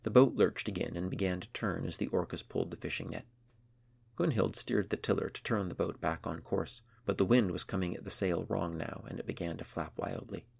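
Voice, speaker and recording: A man narrating a children's adventure story in a measured storytelling manner. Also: low voice, steady tone, vocal fry, a little mellow, breathy edge. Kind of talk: scripted narration.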